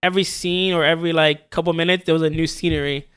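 High-voiced man rambling about a film. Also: fairly even intonation, fairly bright tone, smooth. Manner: halting, many restarts and fillers. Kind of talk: casual film discussion.

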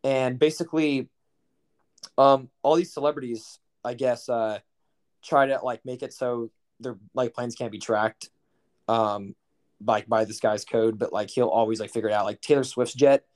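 A young man co-hosts a casual podcast chat, telling rambling, profane stories in an incredulous tone. His voice is medium-pitched and darkish, with fairly even intonation and a normal speed.

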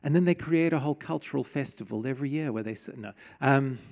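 A man's voice: medium pitch, fast talker, vocal fry, darkish tone. A middle-aged man preaching a sermon in a church, in a conversational way, asking the congregation questions. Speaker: pastor.

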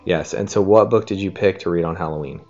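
Very deep-voiced woman reading a picture book. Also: fast talker, darkish tone, dull audio, faint music behind. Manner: playful, coaxing. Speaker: host and story reader.

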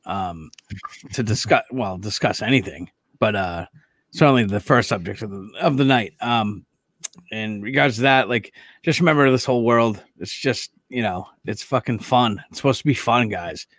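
A man's voice: fairly low pitch, moderate pace, a bit bright, no echo. A middle-aged man, a guest on a casual podcast, joking crudely and swearing freely. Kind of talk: casual chat.

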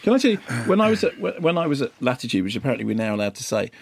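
A man co-hosting a film review radio show, telling a story in animated casual chat with bursts of excitement. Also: mid-range voice, rapid-fire, vocal fry, slight background noise. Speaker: film critic co-host.

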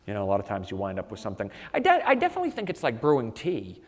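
A man, an author being interviewed, telling animated anecdotes with lots of "you know" fillers. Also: medium pitch, rapid-fire, long reverb tail. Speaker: author guest. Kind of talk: conversational storytelling.

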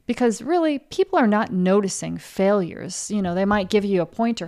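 With a medium-pitched, darkish voice, lively intonation, normal speed and hardly any pauses, a woman hosts a casual motivational talk for artists she coaches on her podcast. She's blunt, swears freely and performs the doubting voice her listeners hear internally.

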